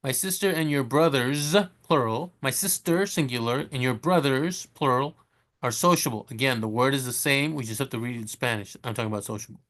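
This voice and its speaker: A man teaching Spanish in a casual way, chatty and correcting himself, who slows down to sound out each Spanish word. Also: mid-range voice, a bit bright. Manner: chatty, self-correcting, laughs at his slips. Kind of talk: casual screen-share lesson.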